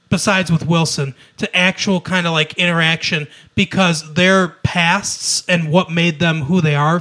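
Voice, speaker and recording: A man co-hosting a casual podcast chat, retelling a TV episode in an animated way, acting out quoted lines and laughing often. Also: high-pitched. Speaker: podcast co-host.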